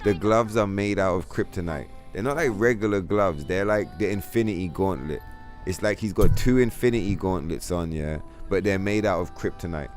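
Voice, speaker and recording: A male streamer host chatting casually to his viewers, telling stories in a rambling, profane, animated way. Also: low voice, normal speed, soft background music. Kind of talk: casual livestream chat.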